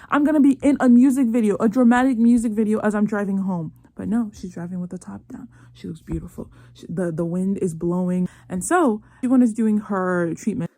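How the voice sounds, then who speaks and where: A woman's voice: mid-range voice, animated, normal speed, a little mellow, dry recording, studio quality. A young woman hosting her own show, animatedly retelling a drama in casual chat with sassy asides. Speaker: host recapping a drama.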